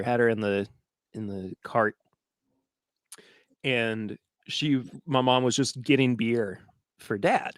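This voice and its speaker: A man's voice: mid-range voice, no echo. Guy cohosting a chill podcast stream, laughs a lot telling stories, dry sound. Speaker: podcast co-host. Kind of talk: casual livestream chat.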